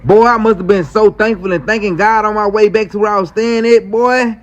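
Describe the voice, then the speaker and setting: A man's voice: high voice, fairly quick. A man casually telling a wild personal story in slangy speech, acting out the quoted lines. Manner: animated, slangy, acts out quotes. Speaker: storyteller in a clip. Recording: muffled clip with faint music.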